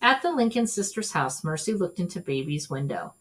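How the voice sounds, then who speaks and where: A woman reading a children's storybook aloud in an expressive, animated way. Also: lowish voice, a little fast, a little hiss or hum. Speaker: storybook reader.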